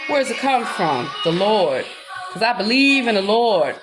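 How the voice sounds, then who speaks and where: Very animated and at a moderate pace, a medium-pitched female voice preaches defiance at those accusing her; she speaks with a Black way of talking and calls herself a preacher. Gospel-style singing breaks out mid-monologue over music in an echoing room.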